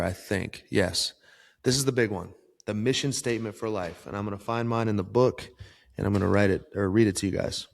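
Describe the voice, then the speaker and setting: Man, podcast host, earnest coaching talk, low voice, swears for emphasis, reverberant sound. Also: gravelly. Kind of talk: solo motivational podcast talk.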